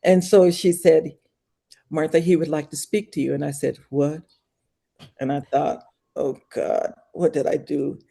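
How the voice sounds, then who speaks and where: Low, mellow-voiced older woman telling a story. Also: level tone, a little slow, gravelly, slightly rough. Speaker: podcast guest. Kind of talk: animated anecdote in a casual interview.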